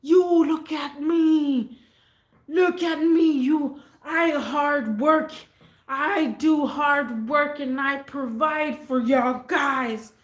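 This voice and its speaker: A woman putting on the voice of a drunk, furious man who rambles, shouts and pleads. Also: sits high, measured pace, roomy sound. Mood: ranting. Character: drunk furious man ranting at his family.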